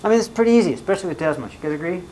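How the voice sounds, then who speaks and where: A man's voice: sits high, animated, rapid-fire, darkish tone, a little hiss or hum, low-quality recording. A man teaching a recorded math lesson in a casual way, often checking in with "right?" and "okay?".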